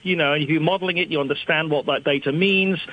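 A man's voice: a little high, fast talker, highs cut off, a little hiss or hum. An older man, a guest expert on a radio show, explaining at length over an old phone, digressive and self-deprecating. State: slightly hard of hearing.

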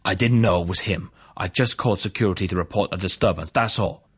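A man's voice: low-pitched, quick pace, breathy edge. A man voicing a nervous male neighbor on the witness stand who hedges and stumbles with fillers. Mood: hesitant. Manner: hesitant, with fillers.

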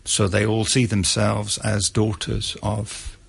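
A man giving measured radio interview answers, pausing often with fillers. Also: fairly low pitch, completely flat delivery, creaky, husky. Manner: measured, with many pauses and uh fillers. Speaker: author interviewed about a historical figure.

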